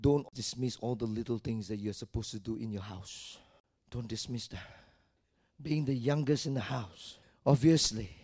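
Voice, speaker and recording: A male pastor preaching a sermon, telling personal stories and building from quiet talk to loud, repeated exhortations. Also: mid-range voice, breathy edge, no echo, clean studio sound. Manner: tells personal stories and addresses the congregation directly.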